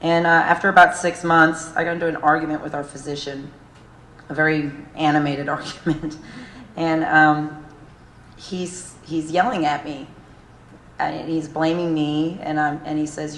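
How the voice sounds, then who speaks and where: A woman's voice: low-pitched, level tone, moderate pace, a bit bright. A middle-aged woman giving an emotional gala speech as a charity founder, earnest, with nervous fillers. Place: large hotel ballroom. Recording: echoey event hall, faint room noise.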